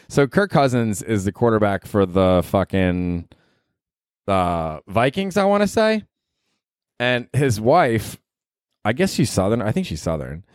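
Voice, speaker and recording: Lively, rambling comic podcast guy. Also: fairly low pitch, no echo, clean studio sound. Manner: rambling, profane, self-mocking. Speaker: podcast host. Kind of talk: casual comedic monologue.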